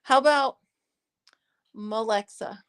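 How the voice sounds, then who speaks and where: A woman's voice: on the high side, slow pace, a bit bright, smooth. A woman hosting a casual crochet club chat, playful and rambling, laughing often. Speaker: host of a crochet club stream.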